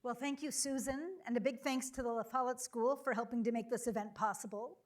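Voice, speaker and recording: A middle-aged woman moderating a public conversation before an audience, welcoming and relaxed with frequent ums and uhs. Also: a little high, a little fast. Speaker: university chancellor moderating a campus conversation. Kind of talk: hosting a public onstage conversation. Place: lecture hall before a live audience.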